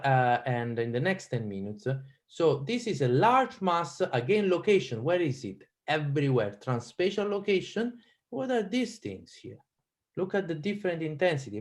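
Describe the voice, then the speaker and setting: Animated Italian-accented man lecturing. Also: fairly high pitch. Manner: animated, quizzing the audience with many restarts. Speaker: radiology lecturer. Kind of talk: online teaching lecture.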